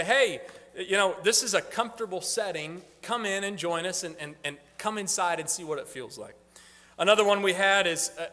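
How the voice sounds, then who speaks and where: A man's voice: on the high side, pushed and bright. A male pastor giving a casual, rambling church talk with frequent restarts in a sanctuary. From northern United States. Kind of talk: informal church talk on ministry updates. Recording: long reverb in a church hall.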